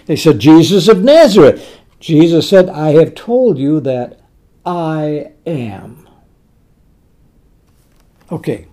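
A man preaching a sermon, slow and emphatic, repeating words for stress. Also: a little high, warm tone.

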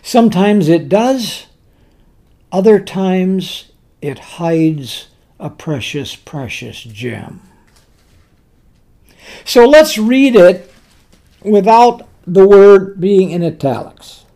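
A man preaching a sermon, slow and emphatic, repeating words for stress. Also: high-pitched, animated, mellow.

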